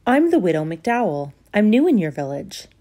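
Storybook part: polite, earnest widow with a gently pleading manner, read by a woman. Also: medium pitch, big pitch swings, normal speed. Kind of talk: storybook reading.

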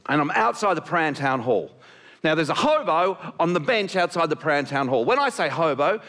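Man, stand-up comedy, animated and shouty, high voice, lively pitch.

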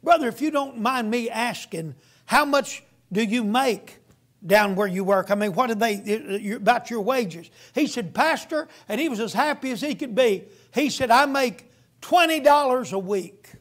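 A man's voice: extremely high pitch, normal speed, fairly bright tone. A man preaching a sermon as a guest preacher, telling a story in a folksy storytelling way.

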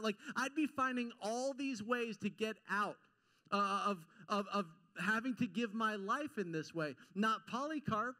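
A male pastor giving an informal, animated sermon to a congregation, acting out quotes and joking at his own expense. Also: high voice, measured pace. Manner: animated and informal, acts out quotes, self-deprecating jokes. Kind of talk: conversational sermon. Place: church sanctuary before a congregation.

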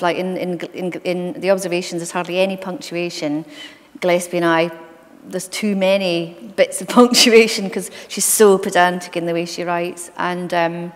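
A woman's voice: fairly low pitch, moderate pace. Woman author, chatty anecdotal talk, hall reverb. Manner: chatty, anecdotal, lively asides. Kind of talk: onstage conversation. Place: library event hall.

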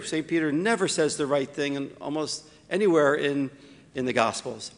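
A man, a priest, preaching a homily with wry asides, slowing down to stress key points. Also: on the high side, long reverb tail. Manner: slows down for emphasis, wry asides.

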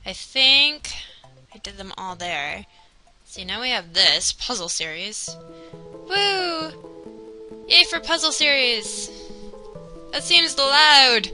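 A young woman giving casual, excitable commentary while playing a video game, talking to herself and the game. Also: on the high side, takes it slowly, poor audio. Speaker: let's player. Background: game music.

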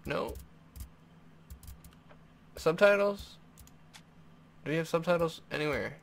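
Giggly, slow-talking gameplay commentator man. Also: a little high, creaky. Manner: giggly, rambling, reacts aloud to the game. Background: game music and sound.

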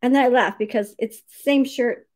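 A woman's voice: on the high side, normal speed, a little mellow. A woman hosting a casual livestream writing sprint, cheerfully greeting viewers by name, reading their comments aloud and laughing often.

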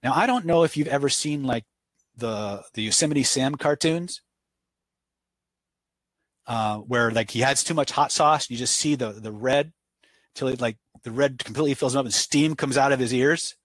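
A man's voice: mid-range voice, normal speed, no room sound. A man teaching a live webinar, answering viewer questions off the cuff and telling stories to make his points in a conversational way. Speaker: webinar instructor.

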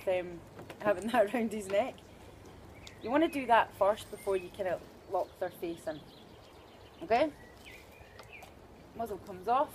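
A woman's voice: medium pitch, slight background noise. A woman with a Scottish accent giving a chatty, upbeat dog-training demonstration, with joking asides. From Scotland.

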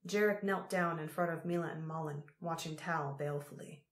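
A woman narrating an audiobook in a measured, unhurried way. Her voice sits somewhat low. The recording has a roomy echo around it.

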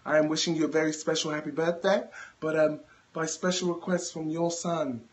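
A man sending a friend's mother a casual birthday greeting, relaxed and self-deprecating, with a laugh in his talk. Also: fairly high pitch, a little fast. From United States. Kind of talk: casual spoken message.

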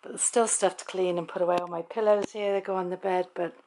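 Gravelly British woman chatting. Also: on the low side, steady tone, quick pace, mellow, slight background noise. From Britain. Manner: rambling, conversational storytelling with frequent ums. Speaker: family vlogger. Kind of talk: casual chatty vlog. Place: at home in the evening.

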